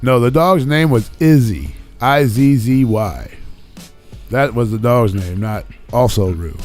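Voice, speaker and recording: A man's voice: medium pitch, measured pace, soft background music. A man on a live podcast telling a rowdy story in casual chat, swearing often and acting out what people said. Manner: animated, profane storytelling, acts out quoted lines. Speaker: podcast co-host.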